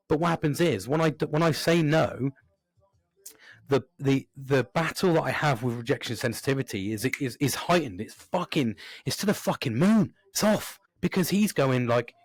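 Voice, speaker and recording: A man in his thirties, hosting a podcast in casual chat. He swears constantly and rambles in an animated way, acting out his own inner voices with big jumps in pitch. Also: quick pace, dry recording. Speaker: podcast host.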